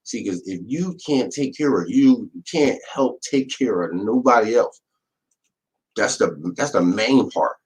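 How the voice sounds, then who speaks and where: A man's voice: fairly low pitch, lively intonation, a little slow, darkish tone, low-quality recording. A young man in casual podcast chat, laid-back and slangy, swearing in passing. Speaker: podcast co-host.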